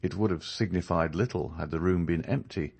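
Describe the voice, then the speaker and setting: A man narrating a classic novel as an audiobook, in an expressive, measured storytelling manner. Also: deep voice, vocal fry, slightly rough. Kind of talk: scripted narration.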